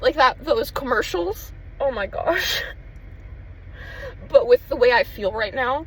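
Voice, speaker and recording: A woman's voice: high-pitched, animated, unhurried, a little hiss or hum, low-quality recording. A woman talking in a casual confessional vlog, emotional and rambling, swearing freely as she searches for words. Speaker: vlogger.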